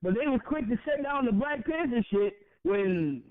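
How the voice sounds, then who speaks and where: Young guy podcaster going off, high voice, cussing, dry tinny sound. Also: lively intonation, moderate pace, dry recording. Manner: heated, profane, repeats words when worked up. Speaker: podcast co-host. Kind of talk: impassioned casual podcast rant. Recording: tinny phone-like audio.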